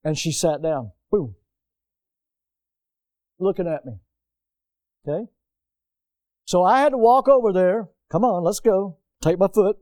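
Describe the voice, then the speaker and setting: A man preaching a sermon from the pulpit in a lively, conversational way, full of repetition and everyday asides. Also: sits high, measured pace, pauses often. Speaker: pastor. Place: church.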